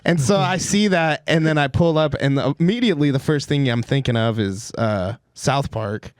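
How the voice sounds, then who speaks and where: A man's voice: a little high, moderate pace, no room sound. A young man on a comedy podcast, rambling through a story with plenty of swearing, heard close on a studio mic. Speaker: podcast co-host. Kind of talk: casual comedy podcast chat. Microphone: podcast studio microphone.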